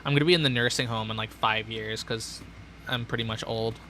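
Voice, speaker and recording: A man's voice: medium pitch, fairly even intonation, a little fast, sharp tone, a little hiss or hum. A young man streaming a building game, rambling sardonically and talking to himself. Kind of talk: casual gameplay chatter.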